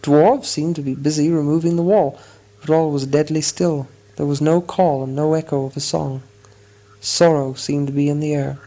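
A man reading a story aloud as audiobook narrator, in a measured storytelling manner. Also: a little high, steady tone, mellow. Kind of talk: scripted narration.

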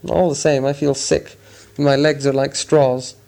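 A man's voice: mid-range voice, little pitch movement, moderate pace, creaky, warm tone, natural voice. A man reading an audiobook, voicing a small, anxious male hobbit with a shaky, hesitant manner. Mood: weary. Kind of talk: audiobook character voice.

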